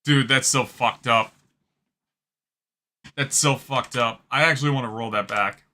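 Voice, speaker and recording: A man's voice: medium pitch, measured pace, bright, forceful tone. A man hosting a reaction video, talking casually, swearing and laughing often. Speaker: host. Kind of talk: reaction commentary.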